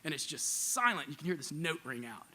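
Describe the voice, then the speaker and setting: A man telling a personal story live on a club stage into a stage mic, casual and animated, acting out quoted voices between fillers. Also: on the high side, fairly quick.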